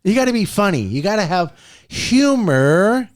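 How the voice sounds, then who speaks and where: A motivational podcast host talks at a moderate pace, animated and laughing often as he tells stories. He swoops his pitch up and down for emphasis, and the studio-quality recording has no room sound.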